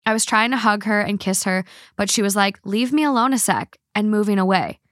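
A woman hosting a chatty podcast, blunt and quick to swear as she reads listener stories aloud. Her voice sits at an ordinary middle pitch. The sound is close and dry, with no room echo. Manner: blunt, swears freely, animated. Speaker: podcast host. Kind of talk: casual chat, reading listener stories aloud.

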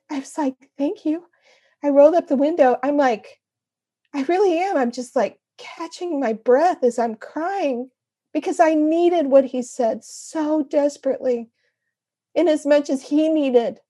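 Earnest higher-voiced woman telling a story. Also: mellow. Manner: earnest, emotional, halting with restarts. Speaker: podcast guest. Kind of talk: heartfelt personal storytelling.

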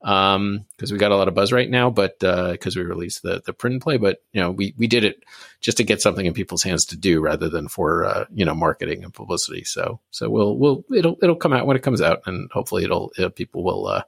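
A man who designs board games, answering in a relaxed interview with many fillers. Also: deep voice, brisk, vocal fry, breathy edge, no room sound, studio quality. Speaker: board game designer guest.

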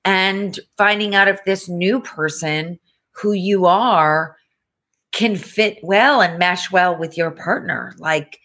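A woman with a lowish, fairly bright voice talks slowly and frankly as a guest on a podcast. She tells stories in a candid, emphatic, conversational way, often dropping in "you know" and "like."

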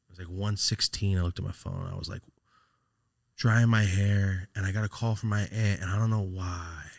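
A man hosting a podcast, telling a personal story in a raw, profane, halting way, his voice sometimes sinking almost to a whisper. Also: low-pitched, fairly even intonation, dry recording, studio quality. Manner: raw, profane, halting, drops to a near-whisper when upset. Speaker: podcast host. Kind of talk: casual storytelling.

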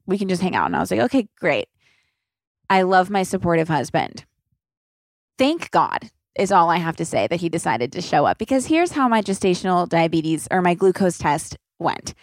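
A woman's voice: fairly low pitch, sing-song, moderate pace, no room sound. Chatty woman around thirty, dry close mic. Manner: rambling and chatty, heavy on "like", swears freely. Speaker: podcast host. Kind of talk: casual solo podcast chat.

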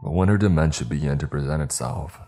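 A man narrating a scary story in a calm, measured storytelling manner. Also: extremely low pitch. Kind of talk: scripted horror story narration. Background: faint music.

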